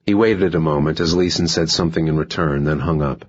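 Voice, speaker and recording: Deep husky male audiobook narrator. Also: brisk, few pauses, dull audio. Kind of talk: scripted narration.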